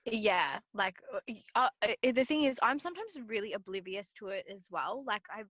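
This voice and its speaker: Young woman, podcast guest, casual storyteller with lots of fillers; bright tone, dry close sound. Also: medium pitch, expressive, normal speed, no echo. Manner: chatty, filler-heavy storytelling. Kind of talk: casual chat.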